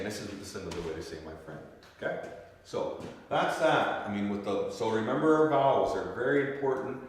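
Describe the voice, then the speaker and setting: A man's voice: lowish voice, a little hiss or hum. A man teaching a language class, explaining syllables and sounds and checking in often with the students. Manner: checks in often with "okay?" and "you see?". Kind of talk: classroom lesson. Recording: echoey classroom from far off.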